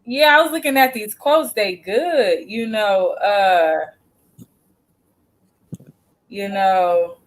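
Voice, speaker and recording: A woman's voice: mid-range voice, takes it slowly, long pauses, poor audio. A woman in casual chat, hesitant and full of fillers while explaining something.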